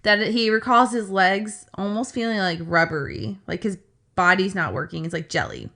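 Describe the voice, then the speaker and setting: A woman's voice: mid-range voice, normal speed, sharp tone. A woman co-hosting a podcast, retelling a story in a chatty way with lots of fillers and asides. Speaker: podcast co-host. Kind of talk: casual storytelling chat.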